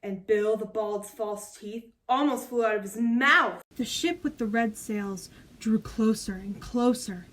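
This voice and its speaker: A woman reading a children's picture book aloud in a lively, expressive storytelling manner. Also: a little high, a little slow, far from the mic. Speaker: storybook reader. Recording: roomy echo.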